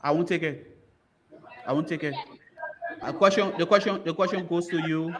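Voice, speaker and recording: Liberian quizmaster man, slightly high. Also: background noise. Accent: Liberian English. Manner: brisk, repeats commands and urges contestants on. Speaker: quiz bowl moderator. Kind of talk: reading quiz questions.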